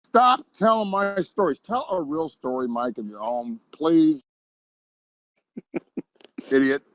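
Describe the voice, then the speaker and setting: A man's voice: fairly high pitch, very animated, takes it slowly, fairly bright tone, no echo. A man bantering on a comedy podcast, ranting indignantly and talking over the host.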